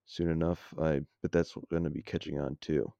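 A man voicing a gruff adult male army general with a folksy, blunt drawl, recorded on a dull lo-fi home mic. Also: a bass voice, little pitch movement, moderate pace, mellow, dry recording.

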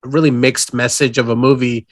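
A man's voice: mid-range voice, level tone, fairly quick, dry recording, studio quality. A man co-hosting a podcast, sharing rambling, enthusiastic opinions in casual chat. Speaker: podcast co-host.

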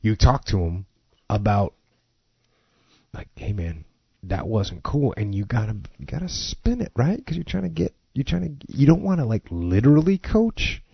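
A man's voice: medium pitch, very animated, normal speed, vocal fry, breathy edge, no room sound, lo-fi sound. A man hosting a podcast in casual chat, talking earnestly and laughing between thoughts.

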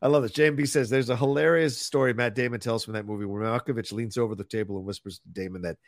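Podcast co-host, man, rambling casual talker, gravelly and dry. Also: medium pitch, fairly even intonation, fast talker, dry recording. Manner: rambling, reads viewer comments aloud. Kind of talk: casual live film chat.

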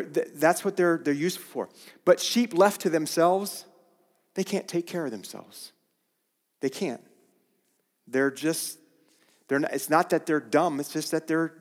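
Man, preacher, sermon, halting delivery, medium pitch, long hall reverb. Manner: halting, restarts phrases, slow deliberate delivery.

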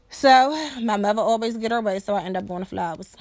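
A woman's voice: mid-range voice, fairly quick, few pauses, dry recording. Blunt, profane woman telling a story. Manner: blunt and profane, keeps asking "you know what I'm saying"; animated, acts out other people's voices. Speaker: podcast host. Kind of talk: casual storytelling monologue.

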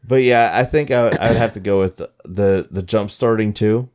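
A man in casual chat, telling stories in an animated, profane way. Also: fairly low pitch, fairly quick.

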